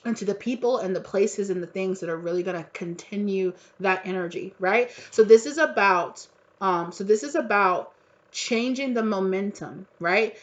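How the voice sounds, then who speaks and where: A woman giving a collective tarot reading, gushing and repetitive, with casual swearing. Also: mid-range voice. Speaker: tarot reader.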